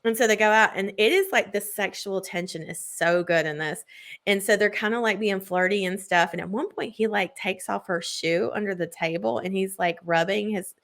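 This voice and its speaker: Woman co-host, chatty and gushing, average pitch, loose filler-laden storytelling. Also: normal speed, a bit bright. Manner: gushing book recap full of "like" fillers. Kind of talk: casual chat.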